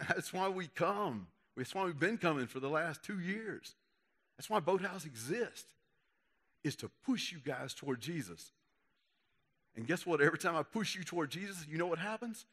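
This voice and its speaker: A man's voice: a little high, sing-song, moderate pace, pauses often, fairly bright tone. A young man, a youth pastor giving a folksy, conversational sermon. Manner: folksy, conversational, acts out quotes. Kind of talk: casual sermon to young people.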